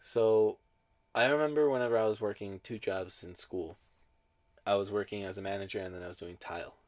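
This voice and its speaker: Young male co-host, low voice, laid-back and reflective, casual podcast chat. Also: fairly even intonation, fairly quick.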